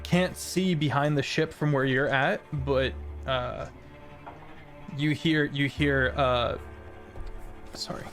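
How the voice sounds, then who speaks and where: A man's voice: mid-range voice, steady tone, slow, long pauses, fairly bright tone, faint music behind. A man running a tabletop game as game master, narrating with many fillers, restarts and laughs.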